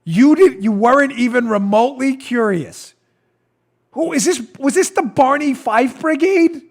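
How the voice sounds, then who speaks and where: A man in his forties hosting a political talk show, mocking and animated, often breaking into laughter. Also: extremely high pitch, unhurried. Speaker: host.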